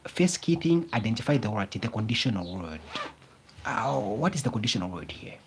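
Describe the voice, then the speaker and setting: A man's voice: on the low side, lively intonation, a little hiss or hum. A male tutor teaching a grammar lesson, repeating key phrases and prompting the class with fill-in questions. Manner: slow, emphatic explaining.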